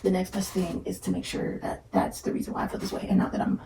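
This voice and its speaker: A woman's voice: fairly low pitch, completely flat delivery, fast, vocal fry, reverberant, noisy background. A tired young woman, vlogging in casual, dramatic, self-mocking chat while painting at home, sometimes dropping to a whisper.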